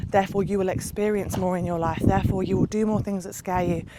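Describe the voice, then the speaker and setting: Woman vlogger, earnest motivational talk, run-on passionate sentences, loud background noise. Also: mid-range voice, fairly even intonation, quick pace. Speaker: lifestyle vlogger.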